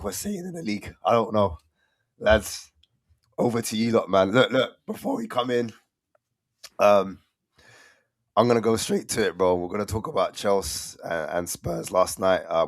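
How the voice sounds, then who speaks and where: A man's voice: on the low side, animated, normal speed, dry recording. A man hosting a casual, slangy football fan chat and often laughing. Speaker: host.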